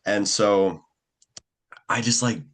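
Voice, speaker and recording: A young actor with a lowish voice chats casually in an interview, rambling with plenty of fillers and quick acted-out quotes.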